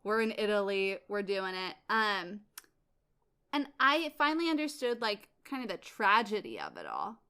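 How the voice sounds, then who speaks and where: A woman co-hosting a podcast, chatting casually about a play and acting out the characters in quick, animated asides. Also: mid-range voice, clean tone. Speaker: podcast co-host. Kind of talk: casual theater discussion.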